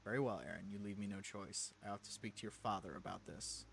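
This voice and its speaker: A man's voice: on the low side, fairly even intonation, quick pace, creaky, a bit bright, a little hiss or hum. Man playing a stern, scolding mother from a mystery game. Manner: scolding, formal. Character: stern, proper middle-aged mother.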